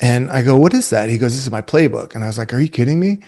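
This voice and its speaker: A man in his forties giving a casual webinar talk to youth coaches, retelling stories in a conversational, energetic way. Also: mid-range voice, quick pace. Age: 40s.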